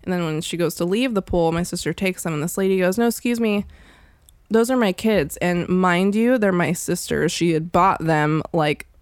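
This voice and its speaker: A woman's voice: fairly low pitch, steady tone, moderate pace, few pauses, dry recording. Young woman, podcast co-host, casual chat, swears a lot, dry close sound. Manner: chatty, laughing, swearing storyteller.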